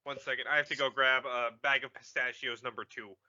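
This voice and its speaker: A man's voice: medium pitch, a little fast. A man co-hosting a podcast, chatting and joking casually while watching a movie. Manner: animated, jokey, puts on silly voices. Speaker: podcast co-host. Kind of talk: casual chat over a movie. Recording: dull lo-fi sound.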